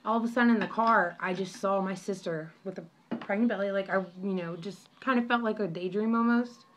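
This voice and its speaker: Young woman, chatty phone vlog from home, rambling and apologetic, mid-pitched voice, faint hiss behind. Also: fairly quick. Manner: rambling and apologetic, many restarts. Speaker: vlogger. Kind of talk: casual storytelling chat.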